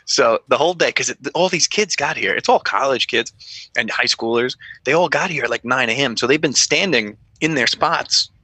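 A young adult man, a former police officer, telling stories as a podcast guest in a lively, profane way, acting out quotes in a raised voice. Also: medium pitch, normal speed, slightly rough, dry recording. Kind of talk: animated storytelling.

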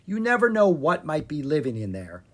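A patient wandering bard from a children's storybook, steady and reassuring, as a narrator puts him on. The voice moves lively through its pitch with a faint breathiness and an air of quiet authority. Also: normal speed, husky. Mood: urgent. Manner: steady, commanding when urgent. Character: calm wandering male bard, patient teacher.

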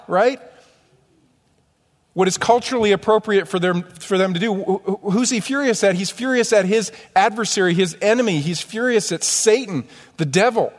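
A man pastor preaching a sermon, animated and full of rhetorical questions to his congregation. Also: on the high side, in a large hall. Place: church sanctuary.

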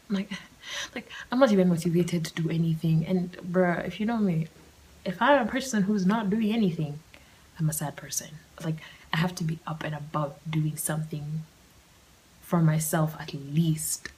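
A young woman tells a story on her solo podcast in a slightly low voice. She rambles and is animated, and she often slips into a breathy whisper in the middle of a thought. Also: poor audio. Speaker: podcast host.

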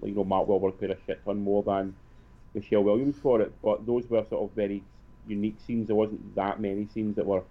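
A man co-hosting a casual film review chat, talking quickly and repeating words as he restarts. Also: fairly low pitch, level tone. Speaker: podcast co-host. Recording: tinny phone-like line.

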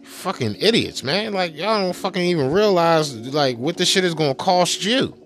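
A man's voice: sits high, lively intonation, normal speed, a bit bright, faint music behind. A man giving a heated, profane political rant in a vlog, mocking and repeating himself as he swears constantly.

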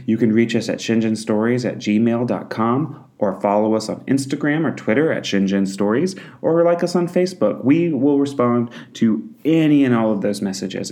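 A man's voice: mid-range voice, warm tone. A man hosting a storytelling podcast, reading an upbeat outro. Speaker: podcast host.

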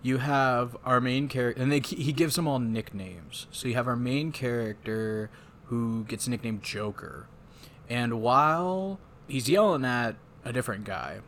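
A man co-hosting a casual movie-talk podcast, mid-pitched, swearing freely and retelling scenes with loose energy. A faint hiss sits under his voice. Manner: loose, profane, animated retelling. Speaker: podcast co-host.

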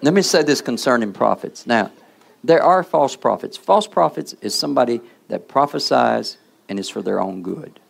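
A man's voice: mid-range voice, lively intonation, normal speed, vocal fry, husky, a faint crowd. A man preaching a sermon in the role of a preacher, checking in with the congregation through call-and-response asides.

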